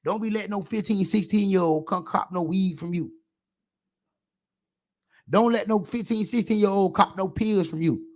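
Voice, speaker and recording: A man's voice: high voice, moderate pace, pauses often, a little mellow. A man, a youth football coach, giving an impassioned radio monologue, preachy and emphatic, acting out how he scolds kids.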